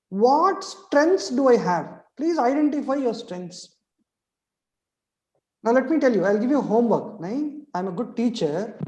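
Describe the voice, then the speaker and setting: A man's voice: high voice, darkish tone, reverberant, rough recording. A middle-aged man giving a motivational webinar lecture as a trainer. He asks rhetorical questions and keeps checking in with "right?".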